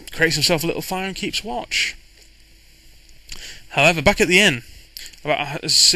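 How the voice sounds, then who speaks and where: A man recaps his tabletop campaign in a loose, rambling way, restarting sentences as he goes. His voice is bright and forceful and sits a little higher than most. The sound is close and completely dry. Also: no echo, low-quality recording. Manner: rambling, with frequent restarts and fillers. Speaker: game master recounting a campaign. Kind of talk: casual storytelling recap.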